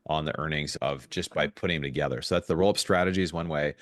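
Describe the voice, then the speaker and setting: A man speaking as a guest in a podcast interview, telling stories in an animated way with frequent restarts. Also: very deep voice, dry recording, clean studio sound. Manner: fast, animated storytelling with restarts. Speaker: guest investor.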